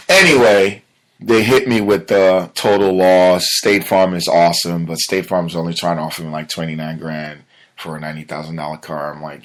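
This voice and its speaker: A man hosting a casual solo podcast, telling a personal story in an animated way that sinks to a low mutter when he is upset. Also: moderate pace. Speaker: podcast host.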